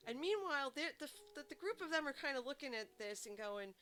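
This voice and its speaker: A woman game streamer chatting casually to her viewers and telling stories in an animated way. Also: high-pitched, fast talker, hardly any pauses. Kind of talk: casual chat. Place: home streaming setup. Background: background music.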